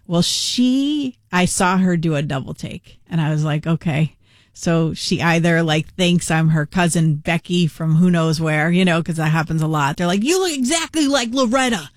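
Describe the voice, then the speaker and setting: A woman's voice: deep voice, moderate pace, hardly any pauses, no room sound, studio quality. A woman radio host telling a story in casual on-air chat, acting out the voices of the people in it.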